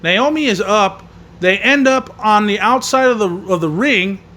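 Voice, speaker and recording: A man's voice: high voice, expressive, measured pace, bright, forceful tone. A man hosting a wrestling podcast, recapping a show and ranting angrily with constant swearing. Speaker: podcast host reviewing wrestling. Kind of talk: profane rant recapping a show.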